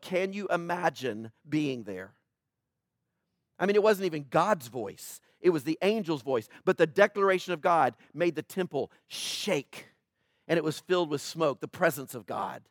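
A man preaches a sermon with a high voice. He is emphatic and moves between loud declarations and hushed asides. The sound is dry and close, with no room echo. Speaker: pastor.

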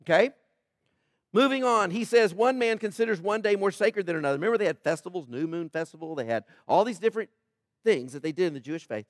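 A man's voice: high voice, fast, no echo, clean studio sound. A male pastor giving a sermon, joking with the congregation and acting out voices from the scripture he tells. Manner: animated, joking, acts out quoted voices.

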